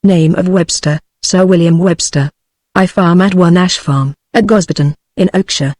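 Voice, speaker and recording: A man's voice: high-pitched, dry recording. A text-to-speech voice with a British English accent reading the lines of a shy, rustic middle-aged male farmer in an audiobook. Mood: chatty. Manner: even, unhurried text-to-speech delivery.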